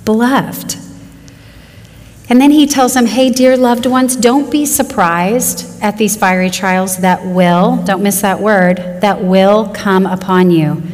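A woman delivers an earnest sermon in a somewhat low voice. She speeds up and slows down, drawing out the phrases she wants to land. Her voice carries a long reverb, as in a large hall. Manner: earnest, varied pace with slow emphatic phrases. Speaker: women's Bible teacher.

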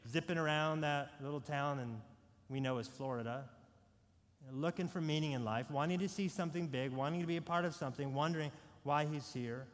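A male pastor with a voice on the high side preaches a dynamic sermon, a long hall reverb surrounding him. He swings between soft, intimate lines and loud, emphatic ones, repeating rhetorical questions.

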